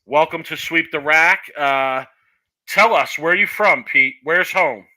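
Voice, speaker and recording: A man's voice: fairly high pitch, slow pace, pushed and bright, low-quality recording. A man hosting a casual comedic podcast, loose and playful, with lots of fillers as he interviews a guest. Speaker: podcast host.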